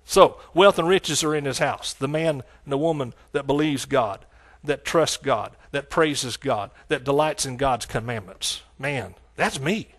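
A middle-aged man with a Texan accent preaching a sermon, exclaiming hallelujah and swinging between loud outbursts and hushed asides. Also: mid-range voice, measured pace, hardly any pauses.

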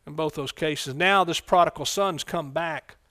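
A man preaching a folksy sermon in church, breaking into loud excited bursts. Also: a little high, measured pace, dry recording, studio quality. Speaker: pastor.

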